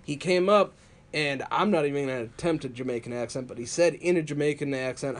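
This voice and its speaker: Brief: man, slightly raised pitch, chatty storyteller, casual podcast co-host. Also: a little fast. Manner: storytelling, animated, laughs often. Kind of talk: casual wrestling chat.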